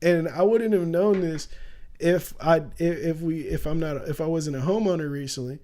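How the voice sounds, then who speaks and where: A man's voice: a little high, normal speed, mellow. A man ranting casually on a live stream, emphatic and heated, calling the listener "bro" often. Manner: emphatic, heated, slangy, says "bro" a lot.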